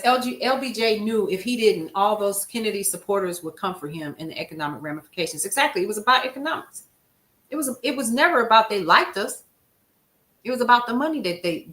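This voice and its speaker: Bright-voiced woman hosting a live stream. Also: medium pitch. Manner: emphatic, conversational, addresses viewers as "y'all". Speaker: livestream news show host. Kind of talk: casual livestream chat, answering viewer comments.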